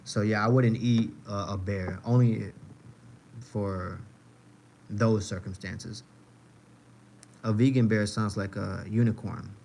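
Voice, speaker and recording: A man's voice: lowish voice, steady tone, slow pace, gravelly, pauses often, noisy background. A young man hosting a livestream, telling loose, profane stories and answering chat in a casual, slangy way. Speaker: livestream host.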